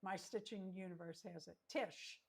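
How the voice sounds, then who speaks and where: A woman hosting a livestream trivia chat, reading each question slowly and repeating it. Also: mid-range voice, gravelly, slightly rough. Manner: slow, reads questions twice. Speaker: host.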